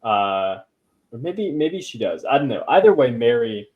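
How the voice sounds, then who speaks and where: A man's voice: medium pitch, very animated, normal speed, narrow, tinny audio. A man hosting a podcast in casual chat, rambling with many fillers and throwaway asides. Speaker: podcast host.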